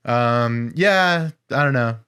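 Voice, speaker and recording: A man's voice: mid-range voice, animated, takes it slowly, fairly bright tone, clear, resonant tone. A young man co-hosting a podcast, joking crudely and swearing a lot in casual advice chat. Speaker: podcast co-host.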